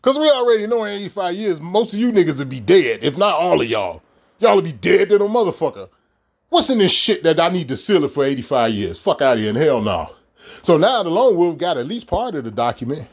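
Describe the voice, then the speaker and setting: A man's voice: on the high side, big pitch swings, fairly quick. A man ranting to his audience in a heated, profane, mocking monologue full of rhetorical questions. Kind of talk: profane monologue straight to camera.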